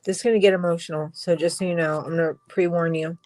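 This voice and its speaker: A woman giving a personal tarot reading, emotional and halting, crying as she talks, with sighs and soft whispered asides. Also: lowish voice, fairly even intonation, dry recording, low-quality recording. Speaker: tarot reader.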